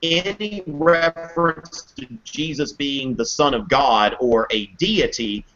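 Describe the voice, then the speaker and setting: A man teaching history in a casual live video Q&A, chatty and animated, acting out quotes in playful voices. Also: on the high side, slow pace, highs cut off. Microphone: webcam mic on a video call.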